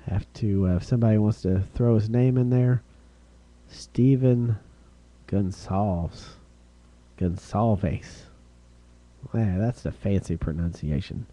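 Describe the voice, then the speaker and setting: A man hosting a live-streamed card break, calling out each card and who gets it, getting excited over rare hits. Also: on the low side, moderate pace, dull audio. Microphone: streaming setup.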